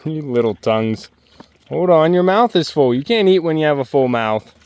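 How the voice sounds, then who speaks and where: A man on a farm outdoors, gently and playfully coaxing his animals in casual talk. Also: fairly high pitch, lively intonation, moderate pace, clear, resonant tone. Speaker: homestead vlogger.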